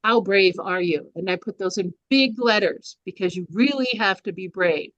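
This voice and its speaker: A woman's voice: mid-range voice, moderate pace, no echo. An older woman presenting a speaking workshop, talking in an informal, chatty way with fillers and restarts. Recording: dry, slightly dull recording.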